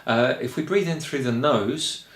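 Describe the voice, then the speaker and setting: A man from England with a Kent accent, a choir director explaining singing in a relaxed, rambling way with frequent ums. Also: medium pitch, unhurried, reverberant. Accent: Kent English. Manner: chatty and rambling, with frequent ums and light laughs. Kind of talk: relaxed spoken lesson.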